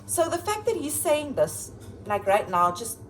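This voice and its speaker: A woman schoolteacher chatting casually in her home kitchen as she reads out quotes and adds playful, expressive asides. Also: high voice, unhurried, a little hiss or hum, low-quality recording. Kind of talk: casual vlog chat reading kids' quotes aloud.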